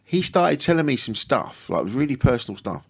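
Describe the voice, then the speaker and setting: A man's voice: medium pitch, big pitch swings, moderate pace, husky. A man, a comedian guesting on a podcast, telling stories in a rambling, swearing, self-interrupting way. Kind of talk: casual chat.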